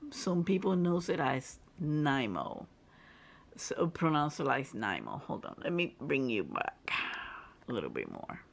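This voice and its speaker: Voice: medium pitch, huge pitch swings, normal speed, gravelly. A crafter and channel host giving a casual review and tutorial, chatty and explanatory, often restarting phrases mid-sentence while showing materials to the camera.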